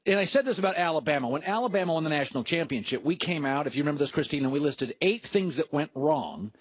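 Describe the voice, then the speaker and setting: High-ish guy on a sports talk show, fired up and mocking, dry close sound. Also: expressive, slightly rough, dry recording. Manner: emphatic, mocking, rapid-fire lists. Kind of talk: heated sports debate.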